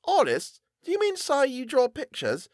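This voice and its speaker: A man's voice: extremely high pitch, huge pitch swings, normal speed, no room sound, studio quality, pitched above the performer's own voice, exaggerated voice. A man voicing a dejected young male barber's apprentice in an audiobook, gloomy and sarcastic. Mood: wary. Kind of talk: audiobook character voice.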